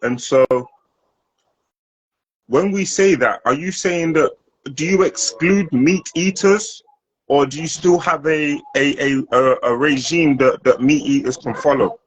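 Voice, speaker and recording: A man's voice: fairly high pitch, a little slow, rough recording. A man hosting a casual discussion, asking earnest, probing questions and stressing his points with feeling. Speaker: host.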